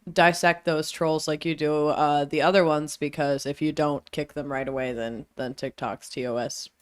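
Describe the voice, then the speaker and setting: A man's voice: a little high, level tone, moderate pace, clear, resonant tone. A man, the show's producer, chatting offhand and wry while losing his voice. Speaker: show producer. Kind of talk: casual livestream chat.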